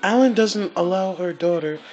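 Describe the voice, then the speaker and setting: A man's voice: sits high, moderate pace, a little mellow, muffled recording, pitched above the performer's own voice, close to an everyday voice. A man reading a pleading adult woman's game dialogue aloud in a raised voice.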